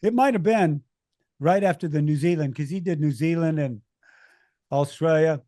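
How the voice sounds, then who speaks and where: An American man, a race announcer, telling lively anecdotes as a podcast guest, often restarting his sentences. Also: fairly high pitch, normal speed, no echo, clean studio sound. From United States. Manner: animated anecdotes with many restarts. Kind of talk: storytelling conversation.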